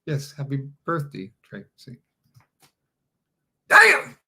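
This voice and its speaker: A man's voice: on the high side, lively intonation, a little fast. A man with a Southern US accent co-hosting a casual livestream, with dry, teasing banter. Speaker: livestream co-host.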